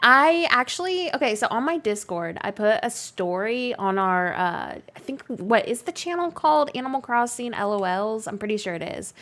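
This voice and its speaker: A young woman streaming a game, chatting casually, giggling often and bursting into excited outbursts. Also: a little high, normal speed, few pauses. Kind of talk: casual live-stream chat while playing.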